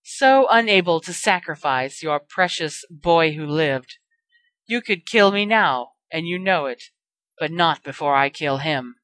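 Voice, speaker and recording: A woman voicing a cold, cruel male dark wizard who hisses and mocks his enemy in a storybook reading. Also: deep voice, animated, measured pace, dry recording. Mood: mocking. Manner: hissing, mocking. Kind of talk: fan fiction reading.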